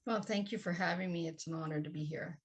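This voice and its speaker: A woman speaks as a podcast guest, recounting her life in an earnest, candid and heartfelt manner. Her voice sits low and has a husky, breathy grain. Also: fast. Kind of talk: podcast interview storytelling.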